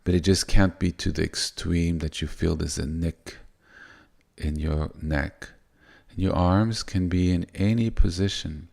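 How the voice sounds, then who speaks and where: A man giving a gentle spiritual teaching in a soft, unhurried way that wanders and restarts. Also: sits low, fairly even intonation, gravelly.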